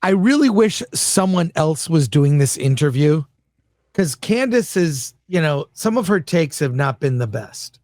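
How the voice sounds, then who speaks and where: A man weighs in as a guest on a reaction stream, calm and agreeable. His voice is a touch higher than usual, captured dry with no room echo. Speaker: guest commentator. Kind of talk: casual reaction chat.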